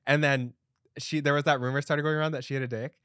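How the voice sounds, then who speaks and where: A man's voice: fairly high pitch, fairly even intonation, fast, fairly bright tone, smooth, dry recording, clean studio sound. A young man hosting a podcast in casual chat, talking loosely with lots of "like" and frequent laughs. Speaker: podcast host.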